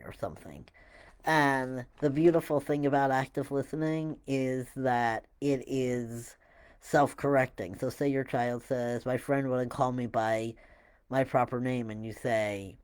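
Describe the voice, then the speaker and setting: A man explaining a listening technique to parents in a relaxed, halting way, with many fillers and restarts. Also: medium pitch. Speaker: parenting educator. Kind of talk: casual instructional talk to camera.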